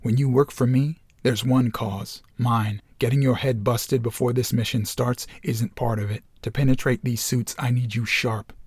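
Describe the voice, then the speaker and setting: A man voicing a sharp, commanding woman spymaster in a screenplay reading, curt and cutting. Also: medium pitch, fairly even intonation, moderate pace, few pauses, slightly rough, no echo, close to an everyday voice. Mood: stern.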